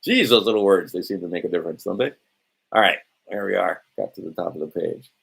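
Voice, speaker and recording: A man with a deep, low voice hosts a livestream in a loose, meandering way. He talks bluntly, swears now and then, and mutters to himself while searching through a document. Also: fast talker, creaky, a bit bright, slightly rough. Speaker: livestream host. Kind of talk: rambling casual livestream monologue.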